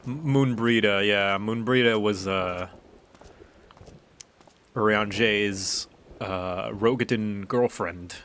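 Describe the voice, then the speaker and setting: A man's voice: fairly low pitch, takes it slowly, pauses often, a bit bright. A man streaming a video game, joking casually and reacting with gasps while reading lines aloud. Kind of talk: casual let's-play commentary. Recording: game music playing behind.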